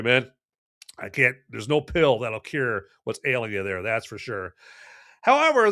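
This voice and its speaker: A man hosting a casual live-streamed movie review podcast, speaking playfully and straight to his viewers with many fillers and restarts. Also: mid-range voice. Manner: lots of fillers and restarts, swings between loud and hushed.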